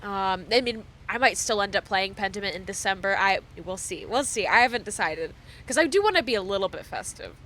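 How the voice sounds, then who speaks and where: A young woman streamer chatting casually with her viewers, animated, laughing often and swearing freely. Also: mid-range voice, brisk, few pauses, slight background noise.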